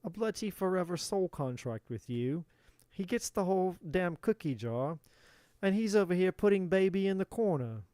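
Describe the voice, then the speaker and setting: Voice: medium pitch, animated, normal speed, warm tone, dry recording, clean studio sound. A tarot reader giving a live reading in a playful put-on British accent, swearing and exasperated in a theatrical way.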